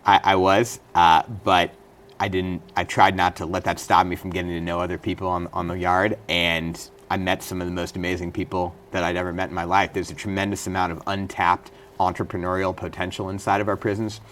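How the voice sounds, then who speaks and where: A middle-aged man speaks as an interview guest in a very deep voice. He tells his story earnestly and in detail, now and then restarting a phrase. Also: level tone, a little fast, fairly bright tone, slight background noise. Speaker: interview guest, former state senator and prisoner. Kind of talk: studio interview.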